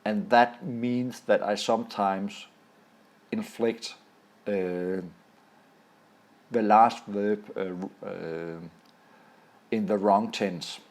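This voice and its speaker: A man from Denmark with a Danish accent, a native Danish speaker, explaining a language lesson over slides and pausing often to find his words. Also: fairly low pitch, fairly even intonation. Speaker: language teacher.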